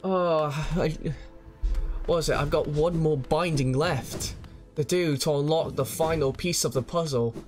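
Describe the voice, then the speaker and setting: A young man streaming a game, out of breath, swearing and shouting in triumph, then grumbling through his commentary. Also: fairly high pitch, a little slow, faint music behind. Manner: swearing, excitable, yells in triumph. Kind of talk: live gameplay commentary.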